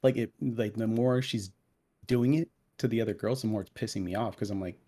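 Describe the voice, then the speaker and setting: A man's voice: lowish voice, fairly quick. A man in his thirties co-hosting a podcast, telling a story in casual chat with lots of swearing and heated asides. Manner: profane, animated storytelling. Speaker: podcast co-host.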